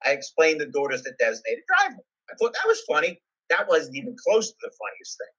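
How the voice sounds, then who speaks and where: A man's voice: a little high, huge pitch swings, fast talker, sharp tone, slightly rough, dull audio. A salesman telling a funny story from his own career in a casual, self-mocking way.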